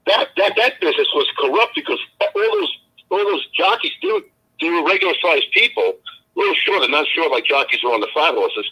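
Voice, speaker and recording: Man, husky, bright, lively pitch, tough-guy banter, casual stream chat. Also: brisk, low-quality recording. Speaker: co-host telling stories.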